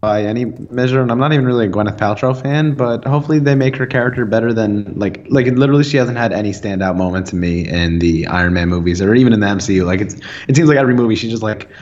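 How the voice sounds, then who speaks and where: A man's voice: fairly low pitch, fast, few pauses, darkish tone. Young man, podcast co-host, easygoing casual chat, lots of fillers, muffled lo-fi audio. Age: young adult. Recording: dull lo-fi sound.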